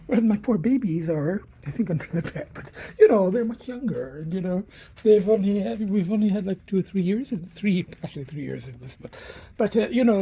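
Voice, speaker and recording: A man's voice: high voice, vocal fry, dark tone, slightly rough. A man vlogging on a handheld phone, rambling and ranting with plenty of swearing. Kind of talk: casual rambling vlog monologue. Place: outdoors walking, then at home. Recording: noisy outdoor phone recording.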